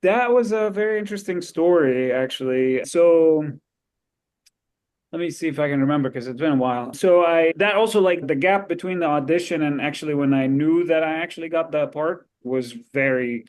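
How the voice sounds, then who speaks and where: A man, a guest actor, telling anecdotes in a casual, lively way on an interview podcast. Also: on the high side, moderate pace. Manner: lively, animated storytelling with frequent laughs.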